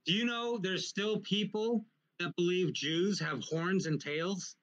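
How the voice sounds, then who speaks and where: A man hosting a casual talk show, explaining points in an animated, lecturing way with frequent restarts. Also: high-pitched, slow pace, highs cut off. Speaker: podcast host. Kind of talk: casual conversation.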